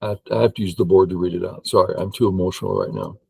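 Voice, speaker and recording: An older man who teaches Go, playing a game and thinking aloud in an excitable way while humming and counting under his breath. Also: low voice, very fast, gravelly, husky, no echo, poor audio.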